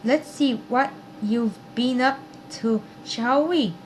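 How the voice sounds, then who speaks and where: A woman voicing a kind, cheerful female vet in a storybook reading, gentle and soothing. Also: a little high, slow, a little hiss or hum.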